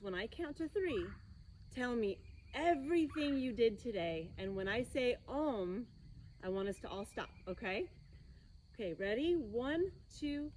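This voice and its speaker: A cheerful woman leads a children's yoga class, coaxing the kids along with sing-song, encouraging instructions. Her voice sits a little high yet sounds soft and mellow. Faint background noise runs under the recording.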